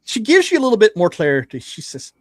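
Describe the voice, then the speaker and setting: Male game master, lively and jokey, dry close mic. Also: high-pitched, quick pace, dry recording. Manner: animated, jokey. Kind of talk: narrating a tabletop game.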